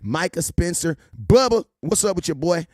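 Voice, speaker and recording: A man hosting a casual sports livestream, shouting out viewers by name and teasing them like a preacher. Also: high voice, animated, dry recording, studio quality. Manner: rapid shout-outs to viewers, playful preacher-style teasing. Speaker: livestream host.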